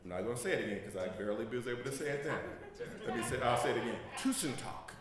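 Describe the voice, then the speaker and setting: A man's voice: medium pitch, very fast, crowd noise. A man preaching a sermon. He jokes, laughs and asks the congregation to fill in the missing words. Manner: joking and laughing. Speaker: pastor. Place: church. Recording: very echoey room. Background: congregation responding.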